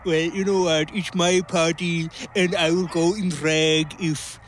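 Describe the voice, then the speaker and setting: A man's voice: a little high, steady tone, unhurried, slight background noise, lightly acted, low-quality recording. A man impersonating an elderly archbishop in his late seventies, cheeky and stubborn as he bickers with an old friend.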